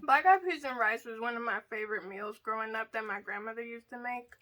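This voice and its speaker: A woman's voice: on the high side, brisk, pushed and bright. A woman hosting a casual eat-with-me video, chatty and playful, laughing often as she talks. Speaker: mukbang vlogger.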